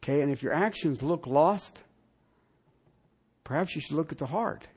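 High-voiced, animated preacher man. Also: normal speed, breathy edge. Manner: animated, swings from loud emphatic to quiet; talks straight to the congregation with rhetorical questions. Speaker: pastor. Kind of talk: sermon.

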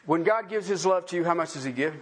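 A man's voice: high-pitched, fast talker, breathy edge. A man preaching a sermon, full of questions put to his listeners. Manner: animated, asks the congregation many questions. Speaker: pastor.

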